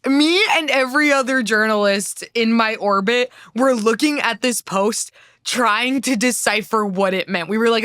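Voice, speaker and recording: An American woman journalist co-hosting a casual political talk show, chatty and animated, full of filler words. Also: fairly high pitch, moderate pace, dry recording, studio quality. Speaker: co-host, journalist.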